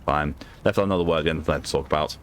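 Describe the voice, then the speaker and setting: A man streaming a video game, chatting casually in an animated way, swearing and reading game text aloud. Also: a bass voice, rapid-fire, a little hiss or hum. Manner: animated, swearing, laughing often.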